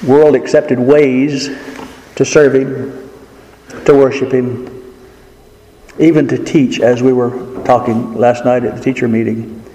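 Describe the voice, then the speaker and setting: Man, preacher, sermon, emphatic, mellow tone, faint background noise. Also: mid-range voice, steady tone. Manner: earnest, emphatic, with slow drawn-out stresses. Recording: echoey hall with faint noise.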